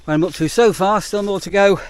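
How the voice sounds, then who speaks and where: High-pitched and brisk, a British man who works as a campsite warden chats over slight background noise while doing outdoor work. His vlog talk is rambling, breathless and full of ums.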